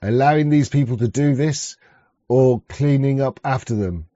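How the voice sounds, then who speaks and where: A man's voice: mid-range voice, moderate pace, mellow, dry recording. A man ranting in rambling reaction commentary, crude and sarcastic, with frequent restarts, on a dull lo-fi mic. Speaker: streamer reacting to a clip.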